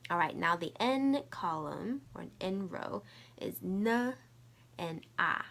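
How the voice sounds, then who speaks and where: A woman's voice: fairly low pitch, animated, slow pace, gravelly, a bit bright. A middle-aged woman teaching Mandarin, patiently repeating sounds and tones for learners to copy. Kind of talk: slow, patient language lesson with drills.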